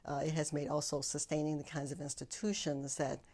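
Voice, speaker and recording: A woman answering interview questions as an expert, speaking carefully and deliberately, pausing to rephrase. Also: deep voice, level tone, a little mellow. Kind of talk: measured academic explanation.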